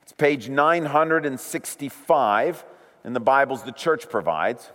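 A man preaching a sermon as pastor, slow and deliberate, leaning on key words. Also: medium pitch, a bit bright. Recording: long hall reverb.

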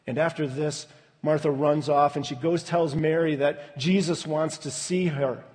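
A man preaching a sermon in an unhurried, deliberate way, his fairly high voice dropping to a hush at tender moments. The sound carries the long reverb of a large hall, as if recorded in a church. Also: fairly even intonation. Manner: slow, measured preaching with soft, hushed dips. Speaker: pastor.

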